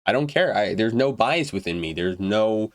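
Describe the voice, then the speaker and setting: A young man who runs a gaming YouTube channel rants on camera, unedited, about video games, cursing bluntly and stumbling over restarts while his throat goes dry. His lowish voice is animated and at normal speed. The recording is dry.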